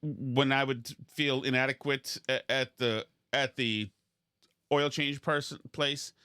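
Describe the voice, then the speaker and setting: A man's voice: mid-range voice, fairly even intonation, takes it slowly, sharp tone, clean tone, no room sound, clean studio sound. A man hosting a podcast, rambling and self-deprecating in casual comedic chat, full of restarts. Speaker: podcast host.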